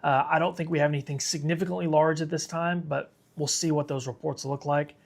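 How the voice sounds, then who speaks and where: Tired gravelly man on a weather stream. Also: fairly high pitch, fairly even intonation, brisk. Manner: casual, chatty, reads viewer comments aloud. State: tired and sick, yawning. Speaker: weather livestream host. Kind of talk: live severe weather coverage.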